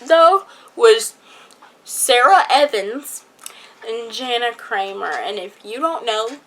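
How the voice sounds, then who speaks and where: A teenage girl vlogger tells her viewers a personal story slowly, her slightly high voice full of lively intonation. She's chatty and rambling with many fillers, and the audio quality is poor.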